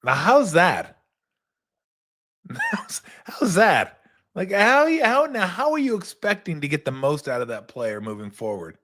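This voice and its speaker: Animated middle-aged male storyteller. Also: fairly high pitch, unhurried. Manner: animated, repeats words. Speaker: host, former basketball player. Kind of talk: casual storytelling.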